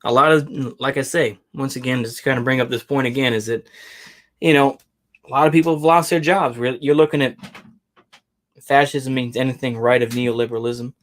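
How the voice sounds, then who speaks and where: A man's voice: mid-range voice, steady tone, a little fast. A man hosting his own channel who rants in a loose, rambling way, circling back with "you know, once again" and trailing off with sighs. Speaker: online host. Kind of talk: casual rant.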